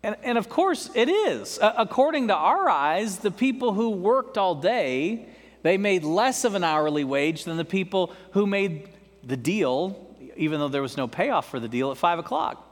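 A man's voice: high-pitched, sing-song, normal speed. A man preaching a sermon to his congregation, conversational, with joking asides to the listeners. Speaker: pastor. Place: church sanctuary. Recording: long hall reverb.

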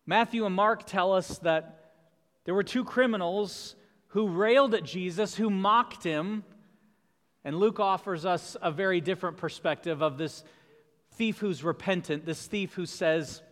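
A man's voice: high voice, a little slow, in a large hall. A man preaching a sermon in an earnest, questioning way. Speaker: pastor.

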